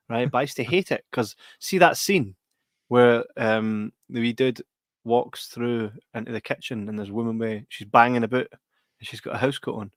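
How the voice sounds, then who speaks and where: A man's voice: mid-range voice, dry recording. A man, co-hosting a podcast in sweary, jokey casual chat. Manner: sweary, banterous, quick storytelling. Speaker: podcast co-host.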